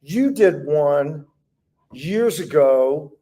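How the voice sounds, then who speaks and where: A man's voice: on the high side, expressive, extremely slow, mellow. A man hosting a casual conversation, often affirming his guest and laughing along. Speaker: host. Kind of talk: casual studio chat.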